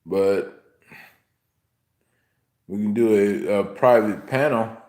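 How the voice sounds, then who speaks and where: A man's voice: on the low side, slow pace, darkish tone, echoey room. A young man hosting a livestream, indignantly scolding a viewer in the chat with repeated questions. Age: young adult. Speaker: livestream host.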